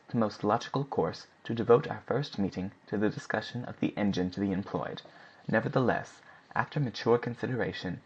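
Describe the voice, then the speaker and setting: A man voicing a composed, methodical male club president who speaks in measured, formal oratory. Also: fairly low pitch, vocal fry, breathy edge. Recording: dull lo-fi recording.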